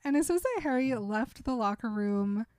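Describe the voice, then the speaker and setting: A woman's voice: a little high, expressive, normal speed, darkish tone, no echo, clean studio sound. A woman co-hosting a podcast, retelling a story with animation and acting out the characters' lines. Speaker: podcast co-host. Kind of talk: casual book-club chat.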